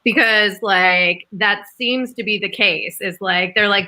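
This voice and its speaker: A woman's voice: mid-range voice, measured pace, pushed and bright. A woman co-hosting a podcast, chatting casually and asking her guest questions. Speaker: podcast co-host. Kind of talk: casual chat.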